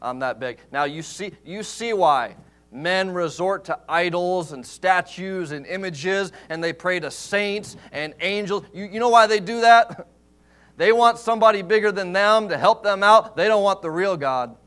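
A man pastor preaching a sermon in a church, emphatic, swinging from loud rises to quiet asides. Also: sits high, unhurried.

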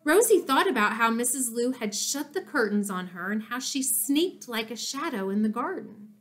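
A woman narrating a children's chapter book in an expressive storytelling manner. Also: on the high side, moderate pace. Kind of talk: children's audiobook reading.

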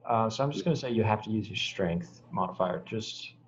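A man's voice: on the low side, animated. A young man acting as game master for a tabletop game, talking casually and laughing as he makes up rules. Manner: casual, quick to laugh, improvising rules on the fly. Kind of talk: running a tabletop game over a video call. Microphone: video call. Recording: muffled video-call audio.

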